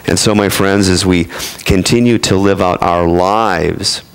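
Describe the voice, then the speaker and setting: A man's voice: low voice, fairly even intonation, a little slow, smooth. A man preaching a sermon in a conversational way, with playful asides to his congregation. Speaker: pastor.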